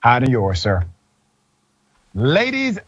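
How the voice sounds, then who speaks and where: A man's voice: medium pitch, expressive, fairly quick, breathy edge. A man hosting a heated debate in an insistent way, often cutting in. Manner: insistent, interrupting. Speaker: debate show host. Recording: dull lo-fi clip.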